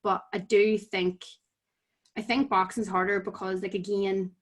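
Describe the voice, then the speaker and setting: A woman's voice: mid-range voice, little pitch movement, measured pace. Chatty young Northern Irish woman. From Tyrone, Northern Ireland. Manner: chatty, full of "like" fillers. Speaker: podcast guest, amateur boxer. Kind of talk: casual chat.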